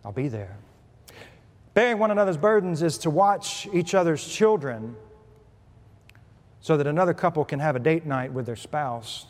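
A male pastor with a fairly high voice preaches at a moderate pace, telling stories laced with humor. His pitch and volume rise and fall lively as he works the congregation, and the large church sanctuary adds a long reverb.

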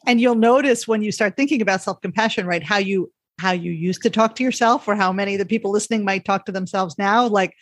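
A woman's voice: medium pitch, fast talker, few pauses, no echo. A woman hosting an interview podcast for physicians, asking questions and affirming her guest. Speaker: podcast host. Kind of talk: conversational interview.

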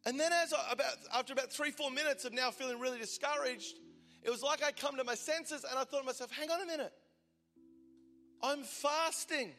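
Man, 40s, passionate preacher, high bright tone, hushed to loud, big church hall reverb. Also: fairly quick. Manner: impassioned, swinging from loud declaration to hushed intimacy. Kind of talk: sermon. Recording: large hall reverb with soft music behind.

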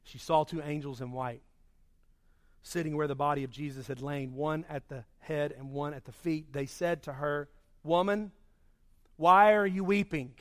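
A man preaching a sermon, swinging between loud emphasis and hushed, slow passages. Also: a little high, steady tone. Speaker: pastor.

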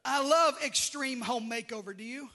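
A man preaching a sermon with passion, swinging from drawn-out shouted phrases to hushed, quiet lines. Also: extremely high pitch. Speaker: pastor.

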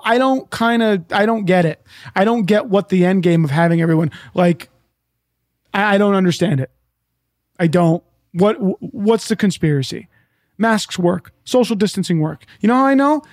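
Man, high voice, dry close sound; sarcastic, profane solo rant. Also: darkish tone, dry recording. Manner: repeats himself, asks rhetorical questions. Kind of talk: ranting monologue.

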